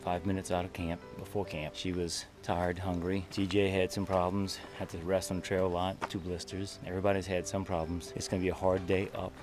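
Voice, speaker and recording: Middle-aged man, very low voice, matter-of-fact campground update, music clearly in the background. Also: level tone, a little fast, hardly any pauses. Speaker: hiker, the vlogger's father. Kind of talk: casual on-camera update. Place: outdoors at a canyon campground.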